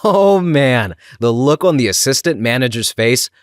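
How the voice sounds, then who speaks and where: Expressive male story reader. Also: medium pitch, moderate pace, clear, resonant tone, dry recording, clean studio sound. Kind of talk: reading anonymous work stories aloud.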